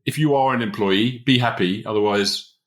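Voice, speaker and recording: A man's voice: on the low side, moderate pace. A man hosting a podcast, giving career advice in a casual, emphatic way and chuckling often. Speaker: podcast host, business consultant.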